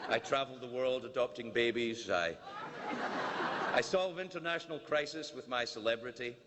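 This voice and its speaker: At a formal dinner, a Scottish comedian delivers a teasing, mock-indignant stand-up monologue in a medium-pitched voice at a moderate pace. The recording is very noisy, with the long reverb of a large banquet hall.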